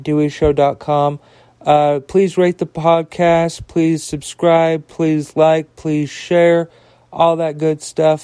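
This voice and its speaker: A man's voice: fairly high pitch, clean tone, no echo. A man hosting a solo podcast, ranting in a heated, profane and rambling way, full of fillers and restarts. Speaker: podcast host.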